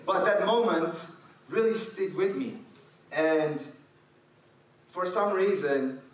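A man from the Netherlands, telling a lively personal story to an audience and acting out the scenes. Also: on the high side, slight background noise. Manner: animated, acts out scenes, fillers and restarts. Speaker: speaker. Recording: echoey hall from far off, faint ambience.

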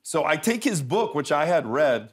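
Guy on a talk show telling funny stories, lively, laughs a lot, a bit high voice. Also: moderate pace, husky. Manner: animated, laughing, jumps into quoted voices. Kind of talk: comedic storytelling.

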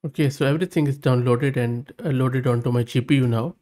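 A man at a middle pitch talks through a screen-recorded tutorial. He narrates each step as he goes and reads his prompts and the results aloud. His verdicts come out upbeat and plain-spoken. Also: fairly even intonation, quick pace, a little mellow. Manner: thinks aloud while testing, reads prompts and outputs aloud. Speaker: tech channel host.

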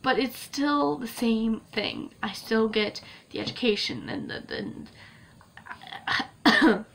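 A woman's voice: a little high, fairly bright tone. A young woman vlogging to camera in a casual, gushing way, laughing often and tearing up. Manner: emotional, gushing, laughs often, many fillers. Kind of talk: casual vlog talk to camera.

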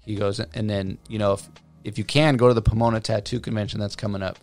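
Soft music plays under a fast, fairly low-pitched male voice. A tattoo artist in his thirties, appearing as a guest, animatedly shares his story, imitating what people told him and using many fillers.

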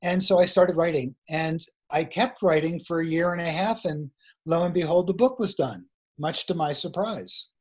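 Husky-voiced man telling a story. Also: a little high, moderate pace. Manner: meandering, with frequent restarts. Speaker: guest author. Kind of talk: storytelling interview answers. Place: remote location in the mountains. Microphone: remote internet call.

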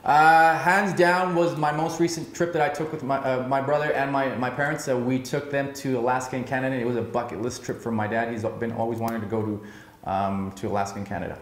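A man in his thirties answering rapid-fire questions, upbeat and emphatic, with frequent filler sounds. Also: mid-range voice, steady tone, echoey room, slight background noise. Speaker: real estate broker interviewee.

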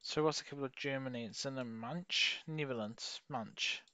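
A young man giving rambling, sweary commentary while playing a geography game, with sudden excited outbursts. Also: mid-range voice, moderate pace, clean tone, no room sound. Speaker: gaming YouTuber. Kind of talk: casual gameplay commentary.

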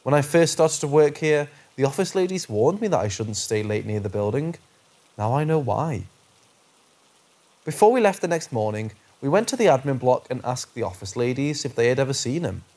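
A man reading true paranormal stories aloud in a steady, measured narration that slows on eerie phrases. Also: mid-range voice. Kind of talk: scripted narration.

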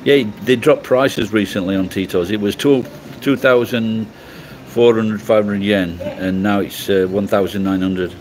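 A man's voice: lowish voice, measured pace, hardly any pauses, a little mellow, a little hiss or hum, poor audio. A middle-aged man from England chatting casually on a livestream, rambling and swearing bluntly as he answers comments. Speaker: livestream host.

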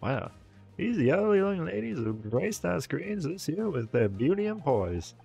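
A man putting on a vain old TV showman, lifted higher than his own gravelly voice. He hosts with a smarmy, pompous patter. Faint game music plays under him. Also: very animated, unhurried, dark tone, heavily acted. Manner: showbiz compere patter, pompous. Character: smarmy aging male TV host, vain and self-pitying.

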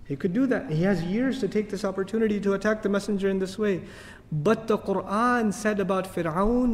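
A man giving an animated religious lecture as an Islamic teacher, telling stories and asking rhetorical questions. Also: high-pitched, normal speed. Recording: long hall reverb.

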